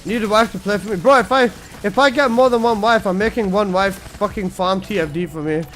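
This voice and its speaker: Young man, high-voiced, joking streamer. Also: fairly quick, fairly bright tone. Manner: joking, crude, slangy, laughs at own jokes. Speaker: game streamer. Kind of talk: casual live-stream chat.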